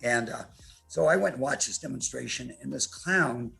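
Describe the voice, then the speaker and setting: A man in his eighties with a heavily gravelly, husky voice tells his stories brashly and with plenty of swearing. He talks as a guest on a podcast, with faint music underneath. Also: medium pitch, moderate pace. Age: 80s. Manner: brash, profane, animated storyteller. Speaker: interview guest, martial artist. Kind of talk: storytelling in a podcast interview.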